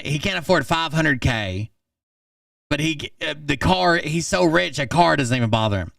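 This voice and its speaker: A man's voice: on the high side, animated, moderate pace, creaky, a bit bright, no echo, studio quality, recorded from a distance. A man hosting a channel, reading text messages aloud and adding sarcastic, mocking asides. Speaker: channel host.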